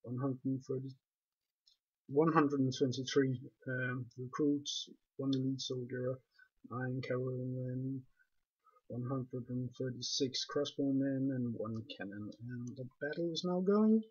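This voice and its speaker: A man with a non-native English accent, calmly explaining a game walkthrough step by step. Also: mid-range voice, measured pace, husky. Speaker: game guide narrator. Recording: dull lo-fi recording.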